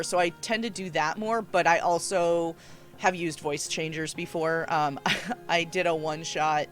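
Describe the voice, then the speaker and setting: A woman's voice: lowish voice, steady tone, unhurried, faint music behind. Chatty woman hosting a roundtable. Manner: chatty, many fillers and restarts. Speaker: host. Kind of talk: casual roundtable chat.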